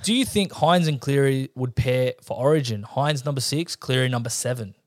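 An Australian man co-hosting a casual sports podcast, telling stories with lively acted-out quotes. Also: medium pitch, normal speed. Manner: animated storyteller, acts out quotes. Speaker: podcast co-host. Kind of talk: casual chat.

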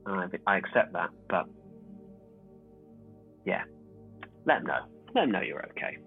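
A man's voice: sits low, sing-song, moderate pace, creaky, soft background music, full character voice. A man playing in a tabletop role-play game, earnest and rambling, with a joking streak. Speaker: player. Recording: tinny phone-like line.

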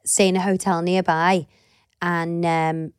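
Chatty animated woman podcast co-host. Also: lowish voice, slow, smooth, no echo, clean studio sound. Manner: chatty, animated, swears casually. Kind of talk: casual chat.

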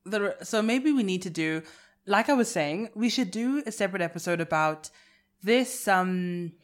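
A South African woman with a South African accent, co-hosting a podcast in candid, animated casual chat. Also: mid-range voice, moderate pace. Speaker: podcast co-host.

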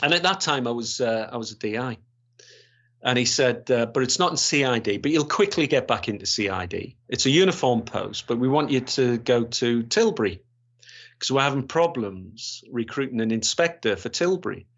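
Here a Gateshead man in his sixties, formerly a police officer, tells stories from his working life in a storytelling interview, meandering with many fillers and false starts. His mid-range voice is animated and fairly bright at a moderate pace. The sound is lo-fi and slightly dull.

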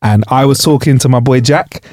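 A man's voice: mid-range voice, moderate pace, a little mellow, no echo, clean studio sound. A young man with a Southern English accent co-hosting a podcast in loose, joking chat. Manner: laughs often, loose and joking. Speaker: podcast co-host. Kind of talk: casual chat.

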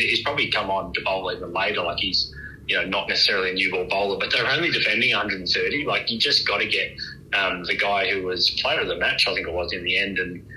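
A man, a cricket reporter on a podcast, chatting in a relaxed, rambling way with many fillers and restarts. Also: deep voice, a little hiss or hum, poor audio. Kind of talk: casual podcast chat. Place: at the ground, with faint ambience behind.

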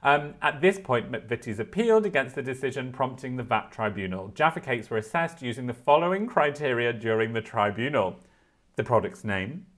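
A young man co-hosts a podcast in easy conversation, reading news aloud and breaking off for wry, playful asides. His voice sits at an ordinary middle pitch for a man. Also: animated, normal speed, fairly bright tone. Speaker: podcast co-host.

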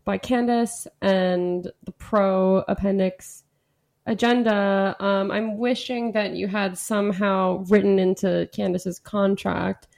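A woman's voice: medium pitch, fairly even intonation, slow, vocal fry, a little mellow. A woman who is a comedian, a guest on a comedy podcast, talking in a rambling, playful way with many fillers.

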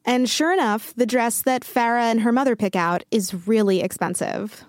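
Female host narrator, calm and factual, a bit high, close and dry. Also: normal speed, dry recording. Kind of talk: scripted narration.

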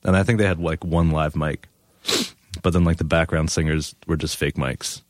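A man's voice: very deep voice, fairly even intonation, moderate pace, no room sound, clean studio sound. A young man, a guest, telling laid-back stories in casual chat, laughing often.

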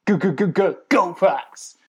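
A man's voice: high voice, measured pace, slight background noise. A man putting on a brash male radio DJ voice, chanting a jingle between announcements. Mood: hyped. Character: hyped-up male radio DJ shouting catchphrases.

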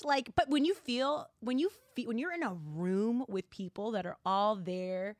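A woman's voice: fairly high pitch, moderate pace, few pauses, no echo. A young woman hosting a podcast, chatty and giggly, filling her talk with "like". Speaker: podcast host. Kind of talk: casual chat.

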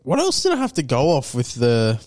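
A man's voice: medium pitch, huge pitch swings, brisk, a little mellow. A young man, co-hosting a podcast in crude, casual banter, rambling with lots of fillers and slang. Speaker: podcast co-host.

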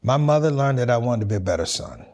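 American man, comedian guest, earnest reflective storytelling, repeats himself, mid-pitched voice. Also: expressive, quick pace, a little mellow. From United States. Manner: earnest, repeats words, calls people man.

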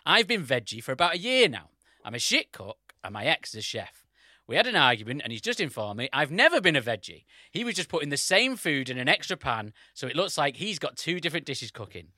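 A man's voice: on the high side, very animated, fast, sharp tone, no room sound. A man co-hosting a podcast, dry and teasing, reading out a listener's message. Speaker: podcast co-host.

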